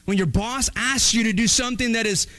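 A male pastor preaching a sermon in an animated, conversational way with playful asides. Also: extremely high pitch, fairly quick, rough recording.

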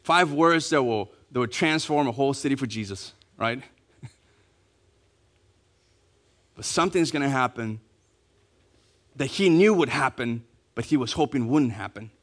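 A man preaching a sermon, acting out quotes and dropping to a hush on key words, asking the congregation to repeat after him. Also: medium pitch, a little slow, long pauses. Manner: animated, acting out quotes, dropping to hushed emphasis; repeats key phrases, asks congregation to say it along. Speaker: pastor.

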